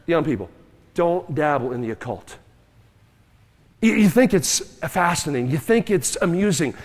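A man's voice: on the high side, sing-song, moderate pace, in a large hall. A man preaching a sermon in a church, emphatic and dramatic, acting out cries and quoted voices. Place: church sanctuary.

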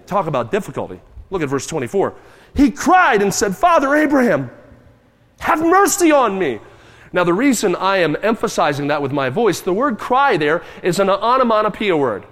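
High-voiced preacher guy, dramatic, shouts out the big points, echoey church hall. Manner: dramatic, emphatic, acts out cries and quotes. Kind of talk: sermon. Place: church sanctuary.

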